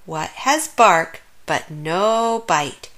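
A woman's voice: fairly low pitch, animated, drawn-out words, fairly bright tone, heavily acted. A woman voicing an eager, curious little boy bear cub who exclaims a lot and tells riddles in a storybook. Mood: playful.

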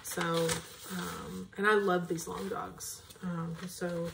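A woman's voice: medium pitch, fairly even intonation, measured pace, creaky, slight background noise. A woman hosting a cross-stitch video, chatting casually to viewers as she shows her projects. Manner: chatty, rambling, talks straight to viewers. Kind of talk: casual show-and-tell chat.

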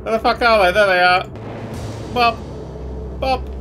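A man giving loud, swearing, excitable live commentary while streaming a game, with sudden yelps and laughs. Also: sits high, unhurried, soft background music.

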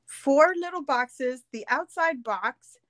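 A woman's voice: sits high, slow, dry recording, clean studio sound. A woman with a New York Puerto Rican accent, chatting and laughing a lot while co-hosting a live craft stream. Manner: laughs often, animated and teasing. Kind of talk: casual chat.

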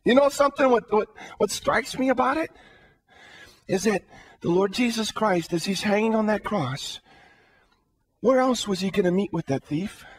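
High-voiced man preaching a sermon. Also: lively intonation, normal speed, long pauses, husky. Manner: earnest, asks the listeners rhetorical questions; often repeats words while building up a thought.

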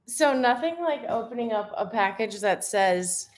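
A woman's voice: on the high side, animated, normal speed. A woman fitness coach chatting live with her viewers, bubbly and giggly, gushing often. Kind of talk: live stream chat with viewers.

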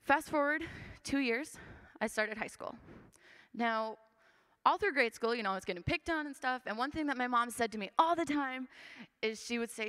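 A woman's voice: on the high side, animated, moderate pace, pushed and bright. Young woman giving an earnest church testimony. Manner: earnest and conversational, with frequent fillers. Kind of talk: personal testimony storytelling. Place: church sanctuary. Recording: long church hall reverb.

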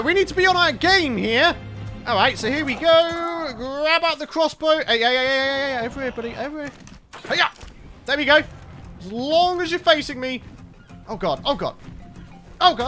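Gaming commentator, excitable, swinging pitch, bright tone, faint game music behind. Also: moderate pace. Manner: excitable, loud outbursts of frustration and triumph. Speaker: let's play host. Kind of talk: gameplay commentary.

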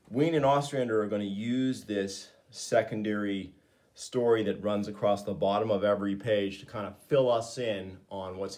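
Male comics reviewer, casual and eager, lower voice. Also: a little mellow. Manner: enthusiastic, with frequent fillers.

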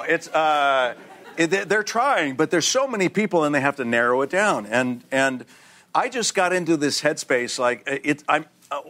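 Older man telling animated stories. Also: medium pitch. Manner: animated storyteller, acts out other people's voices. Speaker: guest actor. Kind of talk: casual anecdotal chat. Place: TV talk show studio.

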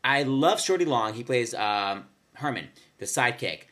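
A man hosting casual music commentary, gushing and excitable about old show tunes. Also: medium pitch, normal speed. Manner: gushing, excitable, sings along. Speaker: host.

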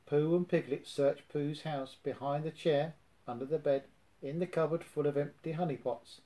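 A man reads a children's storybook aloud, gently and expressively, in a voice on the high side at a moderate pace. The recording is rough.

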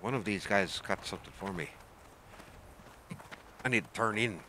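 A man's voice: fairly low pitch, moderate pace, bright, forceful tone, slight background noise. A man chatting through his gameplay in a playful pirate manner, tossing in "arr" and "I swear". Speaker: gaming streamer. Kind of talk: casual gameplay commentary.

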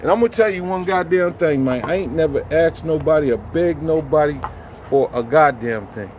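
A man vlogs outdoors near a busy street corner with his phone in hand, using thick street slang before sliding into a heated rant full of profanity. He talks at normal speed in a highish, darkish voice over slight background noise.

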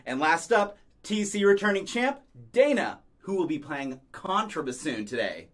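A man hosting a children's music program, leading call-and-response sing-along songs and talking slowly and clearly to young kids. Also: high voice, big pitch swings. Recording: loud music under the voice. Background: guitar music.

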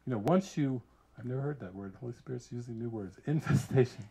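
An American man, a spiritual teacher, giving an informal retreat talk full of lively personal stories, laughing often and acting out what others said. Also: mid-range voice, quick pace, vocal fry, slightly rough. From United States. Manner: animated storyteller who laughs often and acts out quotes.

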